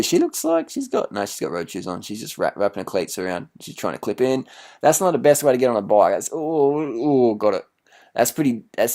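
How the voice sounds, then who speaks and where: A man's voice: on the low side, a little mellow. A man, a cycling vlogger, giving mocking, profane reaction commentary on a video and laughing often.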